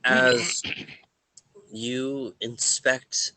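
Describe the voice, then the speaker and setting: A man narrating a tabletop game as game master, in a halting way that pauses often. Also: medium pitch, little pitch movement, sharp tone, no echo, poor audio.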